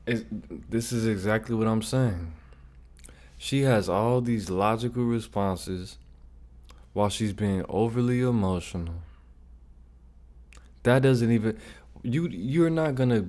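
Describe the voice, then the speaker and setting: Low-voiced guy reacting to a clip, keeps hammering his point, pushy commentary. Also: unhurried, pauses often, darkish tone. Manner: emphatic, repeats points insistently. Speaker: reaction video host.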